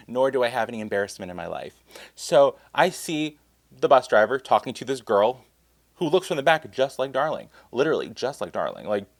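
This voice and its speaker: A man's voice: medium pitch, dry recording. A young man telling a casual storytime vlog, rambling and self-mocking, full of filler words. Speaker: vlogger.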